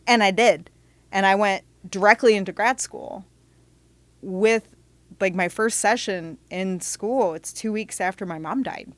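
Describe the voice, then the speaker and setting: Woman guest, frank storyteller, lowish voice, dry close mic, animated delivery with quick restarts. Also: no room sound. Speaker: podcast guest. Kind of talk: candid storytelling in conversation.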